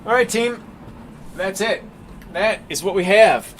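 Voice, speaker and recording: A man's voice: sits high, measured pace, a little hiss or hum. A man chatting casually and rambling with jokes as he paints on a live stream, calling his viewers "team".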